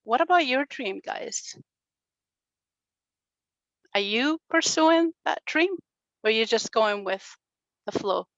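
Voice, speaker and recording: A woman in her forties giving a motivational talk at a summit, telling her story with warmth, laughter and acted-out quotes. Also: fairly high pitch, animated, takes it slowly, pauses often, no room sound, highs cut off. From Chile. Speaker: speaker at a summit, radio and podcast host. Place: stage at a summit.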